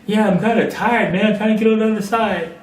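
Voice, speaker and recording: A man's voice: sits high, steady tone, fast talker, voice pushed up, close to an everyday voice. A man doing a weary, trusting frog. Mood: tired. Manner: plaintive, pleading questions. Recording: echoey room, far from mic.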